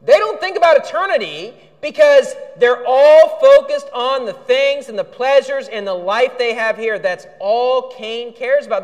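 A man's voice: very high-pitched, lively intonation, moderate pace, few pauses. A male pastor preaching a sermon, indignant, with outbursts when angry. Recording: reverberant hall.

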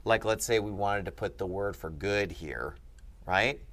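A man with a fairly low voice teaches at a board, calm and patient. He walks through each point step by step and keeps checking that his listener follows. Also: measured pace. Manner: patient, checks in with frequent "okay?". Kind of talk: explaining grammar at a board.

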